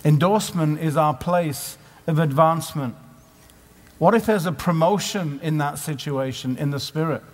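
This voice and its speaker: Man, somewhat high voice, sermon, rhetorical questions, reverberant conference hall. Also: moderate pace. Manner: conversational, asks many rhetorical questions. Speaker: conference speaker. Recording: live hall with long reverb.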